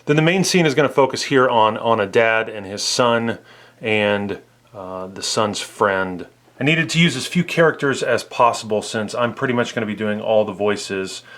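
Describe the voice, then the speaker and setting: A man's voice: fairly low pitch, moderate pace, fairly bright tone. A man in his thirties, chatting casually in a vlog as he explains his plans. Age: 30s. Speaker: vlogger.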